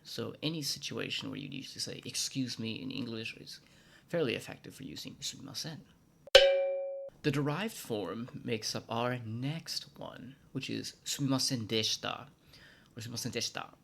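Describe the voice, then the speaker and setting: A man's voice: medium pitch, normal speed, gravelly, slight background noise. American man hosting a language vlog. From United States. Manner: playful, drops into hushed asides and mock-formal speech. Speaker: vlog host teaching Japanese. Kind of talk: scripted educational vlog narration.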